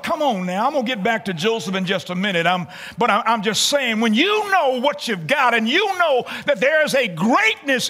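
A male preacher delivers a sermon in church with a high, bright voice. His pitch swings widely as he repeats phrases and climbs into shouted lines. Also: very animated, normal speed, few pauses.

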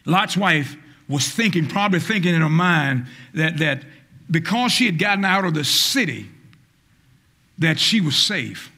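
Gravelly high-pitched preacher man. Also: animated, a little slow. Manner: fiery call-and-response preaching, rising to shouts; acts out quoted voices, stammers on repeated words. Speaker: pastor. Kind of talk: sermon.

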